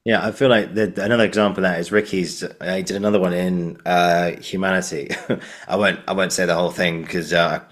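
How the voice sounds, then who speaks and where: Deep-voiced man hosting a podcast. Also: steady tone, brisk, a bit bright. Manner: rambling, frequent "you know" fillers, laughs while retelling jokes. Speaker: podcast host. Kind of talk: casual podcast conversation.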